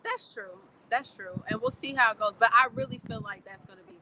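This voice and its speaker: A young woman co-hosting a casual chat show, reading viewer comments aloud and talking in an animated, rambling way with quick laughs and restarts. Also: fairly high pitch, a crowd in the background, poor audio.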